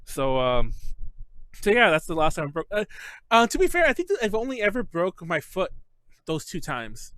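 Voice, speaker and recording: A man hosting a podcast, telling a story in casual chat, animated and swearing often. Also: sits high, normal speed, no echo. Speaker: podcast host.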